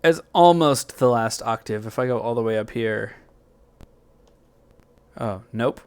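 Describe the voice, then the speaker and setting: Walking viewers through music software, this tutorial host rambles loosely as he thinks aloud, frequently correcting himself and using plenty of filler words. His mid-range voice is clear and resonant, and he speaks unhurriedly.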